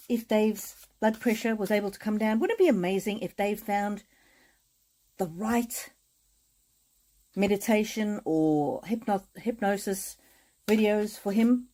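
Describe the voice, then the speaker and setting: A woman chatting with viewers on a live stream as an oracle card reader, speaking in gentle, repetitive affirmations with frequent hesitations. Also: mid-range voice, poor audio.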